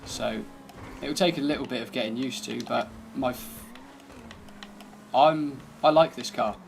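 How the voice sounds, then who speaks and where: A man's voice: medium pitch, a little slow, creaky, slight background noise. A man giving casual, laid-back commentary over gameplay, thinking aloud as he drives and tests a car. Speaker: gaming channel host.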